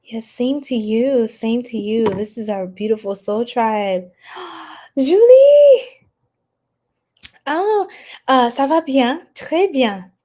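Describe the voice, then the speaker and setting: A bubbly, giggly woman hosting a tarot livestream, chatting with viewers, laughing often and gasping with excitement. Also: fairly high pitch, measured pace, hardly any pauses. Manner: gasps and squeals with excitement. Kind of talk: live chat with viewers.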